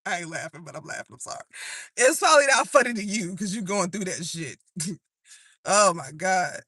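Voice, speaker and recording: A man with a high, strikingly bright voice talks through a tarot spread for a live audience. He is casual and profane, teasing viewers and laughing at his own jokes. The sound is close and dry. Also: lively intonation, brisk, no room sound. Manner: breaks into singing old songs. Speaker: tarot reader.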